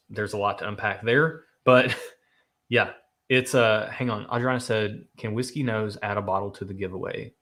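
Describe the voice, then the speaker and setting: This Nashville, Tennessee man co-hosts a charity livestream, his lowish voice pushed and bright. He talks casually yet with earnest emphasis, reading donors' comments aloud.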